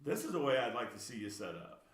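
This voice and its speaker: A man's voice: mid-range voice, very animated, fast. A man giving blunt, emphatic coaching commentary on table tennis videos, getting worked up as he corrects a player. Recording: roomy echo.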